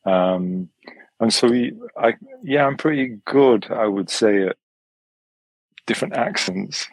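A man from Wales, a yoga teacher and musician, talking as a podcast guest in a relaxed, rambling way. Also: mid-range voice, slow, breathy edge, dry recording, rough recording. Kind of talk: relaxed conversational interview.

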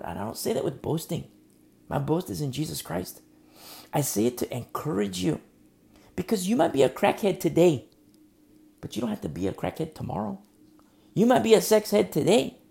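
A male pastor preaching a sermon in an earnest, direct, confrontational way, swinging between soft near-whispers and loud emphatic lines. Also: medium pitch, creaky, slight background noise.

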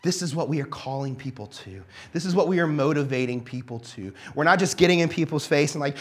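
A young man preaching a sermon, telling stories in a casual, animated way with plenty of fillers. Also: on the high side, quick pace, few pauses. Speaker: pastor.

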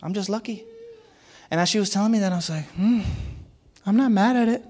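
A man's voice: sits high, fast, a little mellow. A man preaching a sermon as a pastor, in a conversational and playful way, often laughing and acting out what others said.

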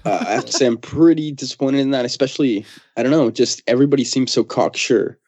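A man's voice: medium pitch, fast, darkish tone, husky, dry recording. A man co-hosting a podcast in loose, joking chat, repeating words as he goes. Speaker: podcast co-host. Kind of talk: casual chat. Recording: dull, dry lo-fi recording.

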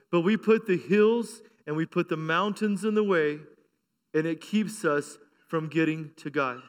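A middle-aged male pastor delivers a sermon in a high, ringing voice. He tells stories with a chuckle, then builds to a fervent, insistent call. His tone is bright and carries well. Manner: storytelling with laughs, building to fervent preaching.

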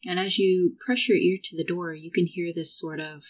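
A woman's voice: on the low side, moderate pace. A woman narrating as game master, playful and giggly, tossing in sound effects.

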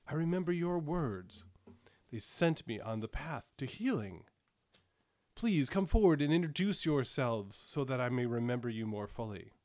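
A man's voice: medium pitch, sing-song, moderate pace, a little mellow, dry recording, studio quality, lightly acted. A man doing an imperious giant king. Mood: gracious. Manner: grand, formal, commanding speech. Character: imperious male giant monarch, once depressed. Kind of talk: tabletop role-play.

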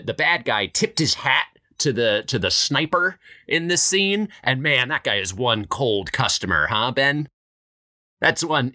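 A man co-hosting a comedic film review podcast, rambling deadpan and repeating himself. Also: medium pitch.

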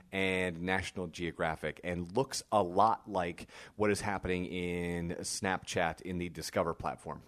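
A man hosting a podcast in a casual monologue, hoarse from losing his voice, talking conversationally with frequent "uh" fillers. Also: deep voice. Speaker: podcast host.

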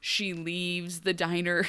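A woman co-hosting a podcast, giving a wry, animated recap with frequent laughs. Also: fairly low pitch, takes it slowly, clean tone. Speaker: podcast co-host. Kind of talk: casual recap chat.

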